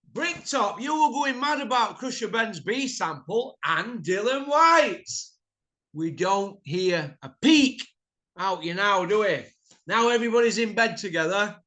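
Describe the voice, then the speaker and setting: A man hosting a boxing channel, ranting bluntly and mockingly to camera and rising to shouts. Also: sits high.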